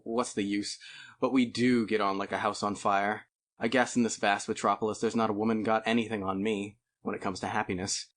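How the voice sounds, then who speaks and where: A man reads a novel aloud in a conversational first-person manner. His voice sits low. The delivery is plain and chatty audiobook narration. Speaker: audiobook reader.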